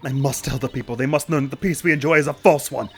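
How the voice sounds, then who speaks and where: A man's voice: medium pitch, fast, slight background noise, close to an everyday voice. A man voicing a solemn widowed noblewoman. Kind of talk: let's play voice acting.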